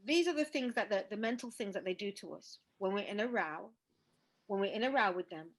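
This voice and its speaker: A woman's voice: mid-range voice, expressive, brisk, rough recording. A woman hosting a casual podcast discussion, speaking emphatically with many fillers. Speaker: podcast host.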